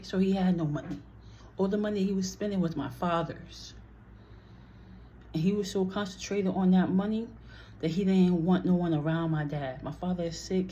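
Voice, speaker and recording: A woman's voice: lowish voice, steady tone, moderate pace, mellow, muffled recording, slight background noise. A woman telling a personal story in a casual vlog, blunt and heated, swearing freely and acting out what others said.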